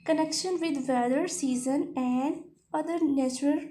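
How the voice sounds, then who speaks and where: A woman teacher giving a grammar lesson, explaining slowly, repeating herself and reading example sentences. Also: high voice, dark tone.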